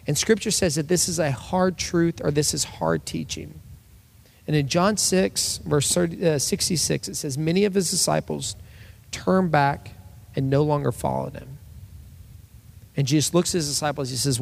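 A man's voice: a little high, moderate pace, gravelly, a little mellow. A male pastor preaching a conversational sermon to his church, acting out quotes in his telling.

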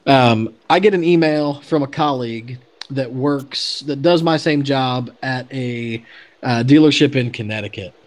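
A podcast guest with a medium-pitched voice tells a story at an unhurried pace in a casual chat, chatty and full of fillers and restarts.

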